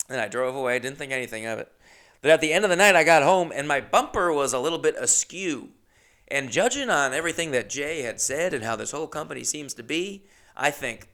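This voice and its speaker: A man hosting a podcast, telling a comedic story in a rambling, animated way and acting out the quotes. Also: mid-range voice, fairly quick, vocal fry. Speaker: podcast host.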